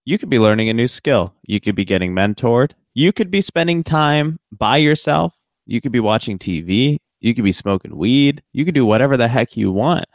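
A man's voice: mid-range voice, animated, moderate pace, dry recording, clean studio sound. A man co-hosting a podcast in casual chat, talking in a reflective, earnest way with frequent "you know" fillers. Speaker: podcast co-host.

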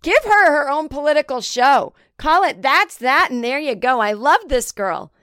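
A woman voicing an excited female fan of the show, chattering to her husband in a high, bright tone. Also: moderate pace, dry recording, studio quality. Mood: gushing.

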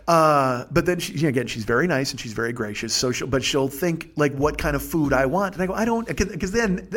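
A man's voice: fairly high pitch, expressive, fairly quick, hardly any pauses, fairly bright tone. A man hosting a podcast, telling a rambling, profane comic story and laughing as he goes. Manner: profane, digressive, laughs through his stories. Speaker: podcast host.

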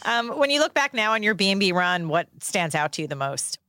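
A woman's voice: mid-range voice, sing-song, fairly quick, pushed and bright, no echo, studio quality. A woman interviewer asking questions in a playful, casual way. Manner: playful, laughs along.

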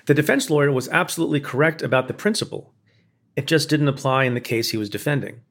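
A man, a former prosecutor, reading a scripted opinion essay in a measured, pointed way with building emphasis. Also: medium pitch, vocal fry. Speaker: former prosecutor narrating commentary.

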